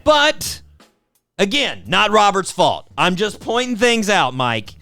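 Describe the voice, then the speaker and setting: A man hosts a casual podcast, wry and sarcastic as he talks to his co-host. His voice swings widely in pitch and sounds smooth and resonant. The recording is dry and close. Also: wildly swooping pitch, slow pace, pushed and bright, no echo, soft background music. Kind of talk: casual chat.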